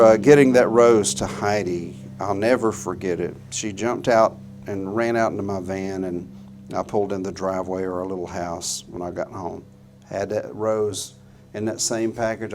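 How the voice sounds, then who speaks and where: A middle-aged man telling an earnest, folksy story to a live audience in a guitar showroom, halting often with fillers. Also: on the low side.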